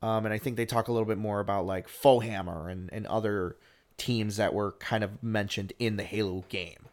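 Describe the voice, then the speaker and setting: A man's voice: lowish voice, fairly even intonation, normal speed. A man co-hosting a podcast, talking in a casual chat style, rambling with lots of fillers and restarts. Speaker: podcast co-host.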